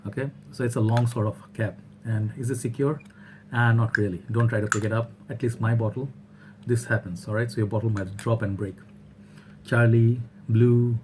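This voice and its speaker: In a relaxed product review vlog, a Bangladeshi man reviewing fragrances talks casually and keeps asking "all right?" along the way. He has a mellow, mid-range voice, and there's a bit of hiss or hum.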